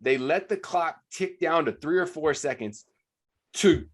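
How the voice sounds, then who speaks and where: A man's voice: fairly high pitch, moderate pace. A man hosting a segment on a casual sports podcast, recounting plays with exasperation. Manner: storytelling, exasperated. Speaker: podcast host presenting a segment.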